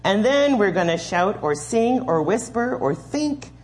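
A woman's voice: medium pitch, very animated, unhurried, a little mellow. A woman leading a children's sermon in a church, patiently explaining and giving step-by-step instructions. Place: church sanctuary.

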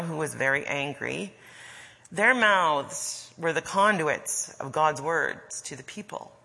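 A woman preaching a sermon, slow and deliberate, with soft trailing endings. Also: fairly low pitch, long reverb tail.

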